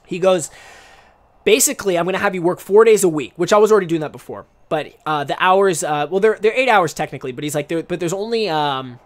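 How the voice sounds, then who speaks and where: Young male podcast host, loose rambling delivery, pitch a touch high. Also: fast talker. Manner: rambling, chatty, frequent restarts. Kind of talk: casual live-stream podcast chat.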